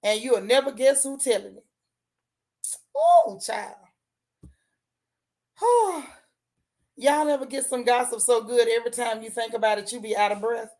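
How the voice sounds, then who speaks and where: A woman's voice: on the high side, steady tone, darkish tone. Sassy woman dishing TV gossip. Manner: sassy, drawn-out emphatic repeats. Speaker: host of a gossip and TV recap livestream. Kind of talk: casual chat with viewers.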